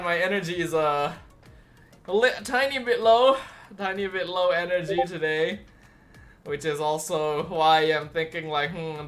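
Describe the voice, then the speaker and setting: Tired, rambling young male streamer. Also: fairly high pitch. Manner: rambling, relaxed, many fillers and restarts. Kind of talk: casual livestream chat.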